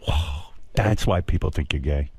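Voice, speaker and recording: A man's voice: very deep voice, moderate pace, darkish tone, husky, no room sound. A man hosting a radio interview in a studio, talking bluntly and teasingly, often stumbling and restarting his sentences. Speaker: radio host. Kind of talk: casual interview.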